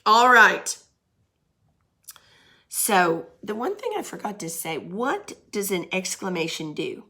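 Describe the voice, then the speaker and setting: A middle-aged woman with a bright, clear voice gives a recorded grammar lesson to young children. She explains patiently, asks questions and uses everyday examples, keeping her tone steady and mid-pitched. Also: takes it slowly, pauses often. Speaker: teacher.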